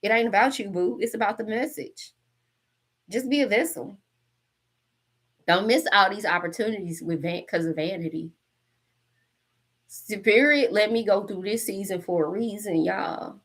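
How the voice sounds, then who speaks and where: A woman's voice: medium pitch, moderate pace, pauses often, breathy edge. A woman in her forties giving a casual spiritual reading to camera. She is blunt and profane, jokes a lot and laughs often. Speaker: tarot reader and coach.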